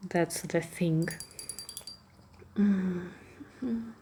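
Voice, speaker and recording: A woman with a Russian accent, talking softly in an ASMR chat. She slips into whispers often and restarts her sentences. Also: fairly low pitch, extremely slow, a little hiss or hum. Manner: soft-spoken, drifting into whispers, emotional, many restarts. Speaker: ASMR creator. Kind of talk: soft-spoken ASMR chat.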